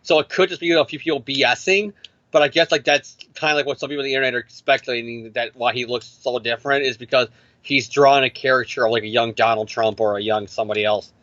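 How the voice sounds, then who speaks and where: A man's voice: mid-range voice, fairly even intonation, quick pace, a bit bright, no echo, lo-fi sound. A man co-hosting a casual comic-book podcast, given to profane rants. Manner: profane, ranting. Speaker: podcast co-host.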